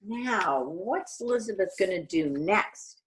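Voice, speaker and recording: A middle-aged woman reading a picture book aloud to young children, animated and asking them questions. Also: mid-range voice, takes it slowly, noisy background. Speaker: children's storyteller.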